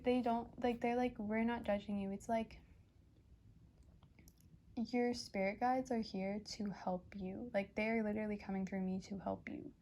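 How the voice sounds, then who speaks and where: A woman's voice: on the high side, dark tone, a little hiss or hum. A young woman giving a casual pick-a-card reading as a tarot reader, chatty and rambling with many fillers and restarts. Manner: emotional, gushing.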